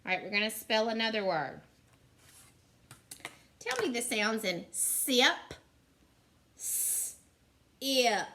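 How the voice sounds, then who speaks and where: A woman teaching a phonics lesson to young children, sounding out letters slowly and deliberately and praising often. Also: on the high side, big pitch swings, bright, forceful tone.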